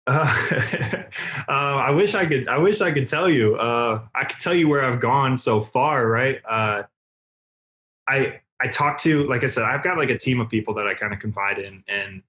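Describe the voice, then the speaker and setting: A young man from Ohio, a guest on a casual podcast, talking in a relaxed, rambling way with many fillers. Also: medium pitch. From Cleveland, Ohio. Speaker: guest, car content creator.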